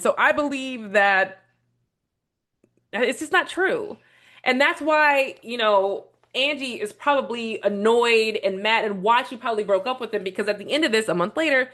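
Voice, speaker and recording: A woman's voice: a little high, normal speed. A woman hosting a casual video commentary, talking bluntly with strong opinions and swearing freely as she rambles through her points. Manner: rambling with restarts, animated retelling. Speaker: vlog host reviewing a documentary.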